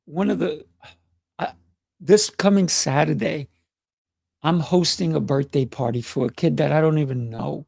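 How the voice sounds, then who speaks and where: A middle-aged man hosting a motivational livestream, playful and excitable, often laughing as he talks. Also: fairly high pitch, normal speed, gravelly, pauses often, no room sound, clean studio sound. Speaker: livestream host.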